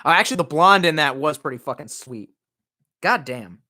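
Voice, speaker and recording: A man's voice: on the high side, animated, normal speed, sharp tone, dry recording. Thirtysomething guy rambling on a livestream, cussing a lot, kinda self-mocking, dead dry room. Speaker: streamer. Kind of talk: casual live-stream chat reading viewer comments.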